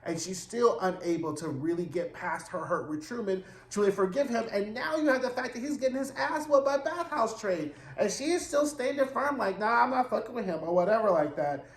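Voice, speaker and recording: Campy, animated man recapping TV. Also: high-pitched, moderate pace, hardly any pauses, reverberant. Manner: animated, campy and profane storytelling. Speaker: TV recap reviewer. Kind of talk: casual recap monologue.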